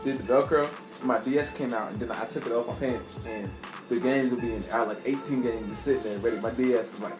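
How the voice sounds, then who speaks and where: A man's voice: mid-range voice, fairly even intonation, fast talker. Rambling young man telling a story. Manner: rambling, laughs often, slangy. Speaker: vlogger. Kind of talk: casual storytime. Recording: echoey room with faint music.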